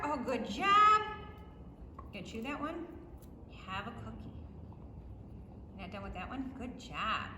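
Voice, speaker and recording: A woman's voice: high-pitched, bright, forceful tone, a little hiss or hum. A woman dog trainer teaching a puppy class, explaining to viewers while she praises and rewards a puppy. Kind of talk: instructional demo. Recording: echoey room, faint ambience.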